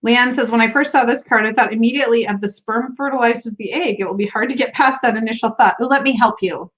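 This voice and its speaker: A woman's voice: fairly high pitch, quick pace. Bubbly American woman, lo-fi stream. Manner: bubbly, giggly, reads viewer comments aloud. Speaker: tarot livestream host. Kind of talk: casual live-stream chat.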